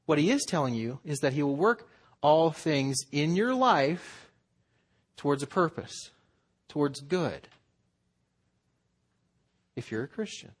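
A man's voice: fairly high pitch, a bit bright, breathy edge. Man preaching an earnest sermon. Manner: earnest, conversational preaching with acted-out quotes. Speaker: pastor.

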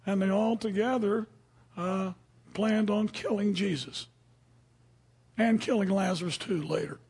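A man's voice: sits high, measured pace, creaky, darkish tone, slightly rough. A man teaching from the Bible in a casual, conversational way, often asking his listeners questions. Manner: conversational, asks the audience questions. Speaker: preacher.

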